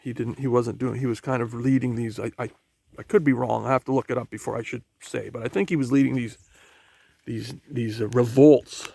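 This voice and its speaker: A man from Canada talking as he walks outdoors along a marsh trail, musing in a halting way with many restarts. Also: mid-range voice, fairly even intonation, vocal fry, warm tone, slightly rough. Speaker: vlogger. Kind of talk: rambling walk-and-talk vlog.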